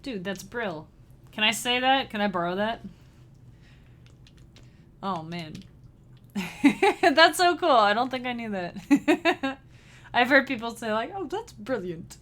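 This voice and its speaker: A woman's voice: a little high, expressive, slow, pauses often, a bit bright. A woman chatting casually with her live-stream chat as a musician, bubbly and giggly, speaking straight to her viewers. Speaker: livestreamer and chiptune musician.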